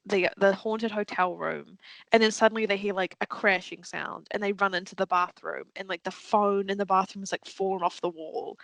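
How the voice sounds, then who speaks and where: A woman co-hosting a casual podcast chat, telling stories with animated flair, acting out what people said, and swearing freely. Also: mid-range voice, no room sound, low-quality recording. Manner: animated storytelling, acts out quotes, swears freely. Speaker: podcast co-host.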